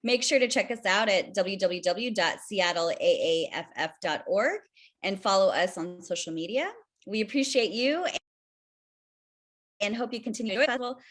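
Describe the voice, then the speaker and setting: A woman hosting a festival interview over a video call, warm and giggly, often laughing through her lines. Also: mid-range voice, normal speed. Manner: giggly, keeps breaking into laughter. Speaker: festival staff host.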